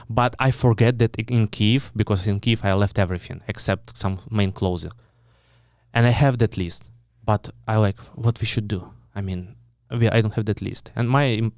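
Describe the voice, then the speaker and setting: Ukrainian-accented man, 30s, non-native English, low, clear, blunt storyteller. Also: no echo, clean studio sound. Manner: blunt, swears often, acts out quoted dialogue; broken English, frequent restarts. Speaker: guest. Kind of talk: storytelling in an interview.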